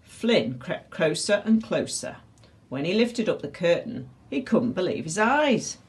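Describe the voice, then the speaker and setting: Expressive woman reading a picture book. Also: lowish voice, unhurried. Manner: expressive, animated. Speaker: storyteller.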